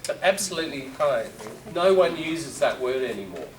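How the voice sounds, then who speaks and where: A man's voice: mid-range voice, very animated, normal speed, distant mic, slight background noise. Man teaching in a roomy classroom. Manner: casual, rambling, with asides to students. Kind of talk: classroom lecture.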